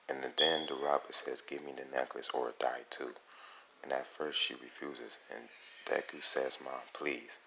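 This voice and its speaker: A man's voice: rumbling low, gravelly, bright, forceful tone, slight background noise, rough recording. A man casually narrating a fan-made story for his channel, rambling and stopping to correct himself. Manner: rambling, self-correcting, halting. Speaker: YouTube storyteller.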